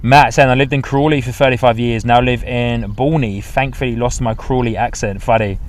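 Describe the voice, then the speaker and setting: A man's voice: mid-range voice, fairly even intonation, normal speed, a little hiss or hum. A man hosting a live plane-spotting stream outdoors, giving casual running commentary and reading out chat messages in a friendly, upbeat way. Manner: chatty, reads out chat messages, upbeat asides. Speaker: plane spotting livestream host. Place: outdoors at an airport.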